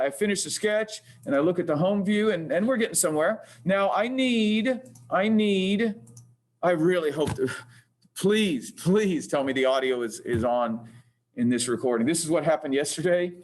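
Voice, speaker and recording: A man with a somewhat high voice gives a screen-recorded tutorial in a classroom. He thinks aloud, hesitates often and corrects himself mid-sentence. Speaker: engineering teacher. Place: classroom with projector. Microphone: computer mic while demonstrating.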